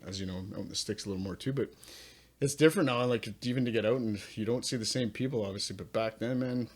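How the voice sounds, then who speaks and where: Male metal vocalist from Ontario, low-pitched, relaxed and profane interview guest. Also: fast talker. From Northern Ontario, Canada. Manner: laid-back, swears freely, chuckles often. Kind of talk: casual conversational interview.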